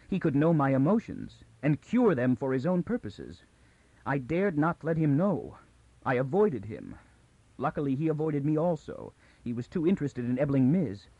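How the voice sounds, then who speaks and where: A man's voice: on the high side, big pitch swings, normal speed, warm tone, breathy edge, no room sound, lo-fi sound, pitched above the performer's own voice, full character voice. A man voicing a tense, frightened young woman. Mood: urgent, tense. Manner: urgent, rising, near hysterical. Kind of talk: audiobook character reading.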